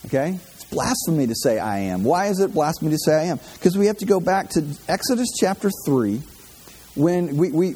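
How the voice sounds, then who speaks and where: A man's voice: on the high side, warm tone, husky. A man teaching a Bible class in a casual sermon style, talking conversationally, repeating himself and asking his listeners questions. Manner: conversational, repeats words and restarts, asks the audience questions. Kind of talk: informal sermon.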